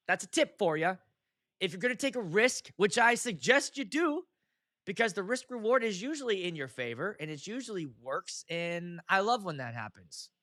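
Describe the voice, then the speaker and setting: A man hosting his own show, telling wedding DJ stories in a casual chat. He is animated, laughs often and acts out how the crowd reacts. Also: high voice, dry recording, clean studio sound.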